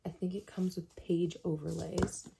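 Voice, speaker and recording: Soft-spoken young woman with gravelly fry. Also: fairly low pitch, level tone, a little slow, noisy background. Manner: soft-spoken, often drops to a whisper, filler-heavy. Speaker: book vlogger. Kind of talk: casual reading vlog chat.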